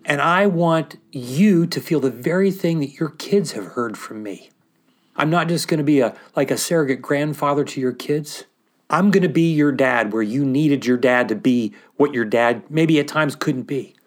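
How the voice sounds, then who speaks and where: A man talking about faith in a casual, animated way, often acting out the voices he quotes and using fillers like "like". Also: fairly high pitch, moderate pace. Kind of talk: casual sermon-style chat.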